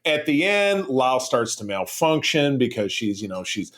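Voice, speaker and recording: A man co-hosting a casual podcast chat, animated and jokey, slipping into character voices when quoting. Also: medium pitch, a little slow. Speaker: podcast co-host.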